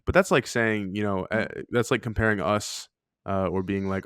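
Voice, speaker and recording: Podcast cohost dude, smooth voice, dead dry mic sound, rambly and playful. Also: male voice, fairly low pitch, lively intonation, moderate pace, no room sound. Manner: rambling, lots of "uh" fillers, playful. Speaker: podcast co-host. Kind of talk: casual sports podcast chat.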